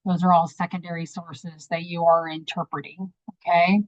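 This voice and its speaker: A woman's voice: on the low side, flat delivery, moderate pace, no echo, lo-fi sound. A woman English teacher giving a casual online lesson, chatty, with many ums and stumbles over hard words.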